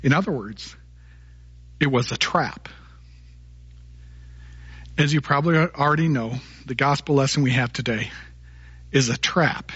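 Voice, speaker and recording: A man's voice: mid-range voice, measured pace, long pauses, fairly bright tone, husky, lo-fi sound. A man preaching a sermon as pastor, telling stories and jokes in a folksy way. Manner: storytelling, folksy, punny jokes.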